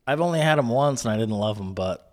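A man's voice: mid-range voice, lively intonation, fast, darkish tone. A man co-hosting a podcast in casual chat, often laughing and trailing off as he hesitates. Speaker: podcast co-host.

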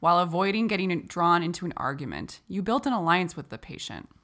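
A woman hosting and instructing in a clear, explanatory way. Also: lowish voice, expressive, brisk, fairly bright tone, a little hiss or hum. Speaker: host and instructor. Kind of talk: educational explanation.

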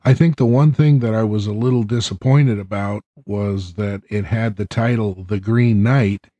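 A man co-hosting a casual podcast book discussion, giving measured, plain-spoken opinions. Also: fairly low pitch, dark tone, no echo, highs cut off. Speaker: podcast co-host.

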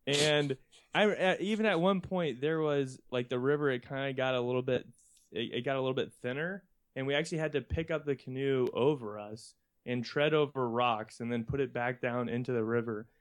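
A man's voice: medium pitch, a little fast. Rambling young man telling a story. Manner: rambling, laughs often while talking. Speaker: podcast co-host. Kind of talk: casual chat, anecdote telling.

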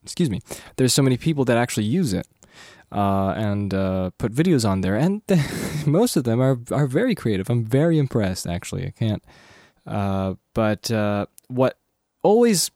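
A man's voice: medium pitch, sing-song, normal speed, mellow, dry recording. Rambling young male podcaster, dry sound. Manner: rambling, self-correcting, many fillers. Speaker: podcast host. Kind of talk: casual rambling podcast monologue.

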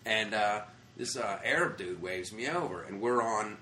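An American man, a comedian, telling travel stories in a casual interview, animated and profane, acting out the people he quotes. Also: lowish voice, moderate pace, roomy sound, a little hiss or hum. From United States. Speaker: comedian guest. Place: comedy club after a show.

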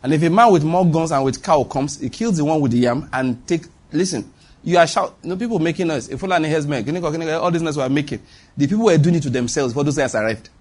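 Husky Nigerian preacher, emphatic. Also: male voice, on the high side, quick pace, a little mellow. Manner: emphatic, repeats lines for stress, calls on the congregation. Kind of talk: sermon.

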